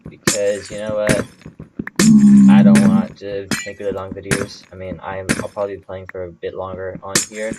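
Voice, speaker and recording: A man's voice: on the low side, very noisy. A young man casually commenting on his own gameplay, thinking aloud and rambling with lots of fillers. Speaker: gameplay video host.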